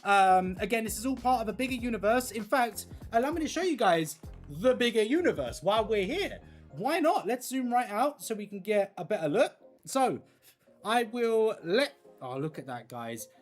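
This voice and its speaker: A livestream host and content creator chatting casually with viewers while colouring, excitable and gushing. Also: medium pitch, moderate pace, soft background music. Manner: excitable and gushing, talking to chat.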